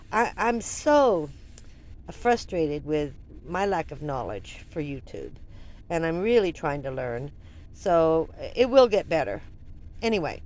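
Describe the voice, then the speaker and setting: An older woman vlogger telling a personal story in an animated, rambling way, full of restarts and asides. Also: fairly low pitch.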